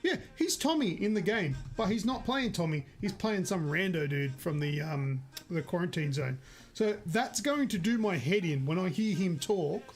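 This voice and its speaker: Chatty high-voiced man. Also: expressive, moderate pace. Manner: chatty, rambling, self-correcting. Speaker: podcast co-host. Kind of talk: casual gaming podcast chat.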